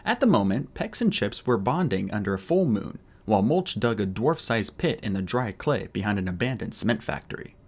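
A man reading an audiobook aloud in an expressive narrating style. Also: on the low side, fairly quick, few pauses, breathy edge. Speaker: audiobook reader.

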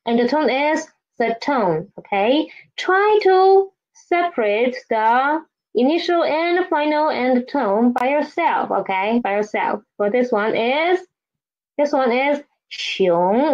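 A woman's voice: fairly high pitch, darkish tone, muffled recording. A woman teaching a beginner Chinese lesson, drilling pinyin sounds with patient repetition and inviting the listener to read after her.

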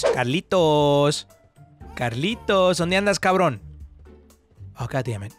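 A man's voice: on the high side, lively intonation, slow, pauses often, faint music behind. A young man, joking and swearing through casual let's-play commentary and mixing in slang. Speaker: gaming streamer.

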